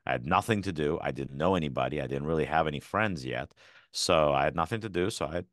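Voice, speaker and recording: A man in his forties, originally from Ukraine, speaks as a podcast guest. His voice sits extremely low and the recording is dry and close. He tells his stories casually, often restarting his sentences. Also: fast talker, no room sound. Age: 40s. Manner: storytelling with frequent restarts. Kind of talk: casual interview conversation.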